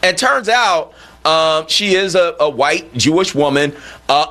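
A man hosting a talk radio show, conversational and animated, rising in pitch when indignant. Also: unhurried. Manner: conversational with frequent "you know what I mean". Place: radio studio.

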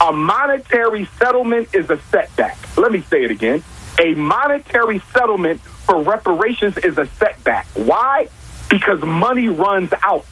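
A man's voice: high-pitched, very animated, moderate pace, a bit bright, husky, rough recording. A man arguing his points with emphasis on a talk show, repeating key lines and asking rhetorical questions. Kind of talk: impassioned talk-show argument.

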